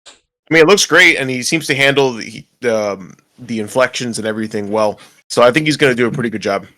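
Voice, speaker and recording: Fast, pushed, and bright at a medium pitch, a man co-hosts a podcast in a casual chat, rambling along with frequent laughs and restarts.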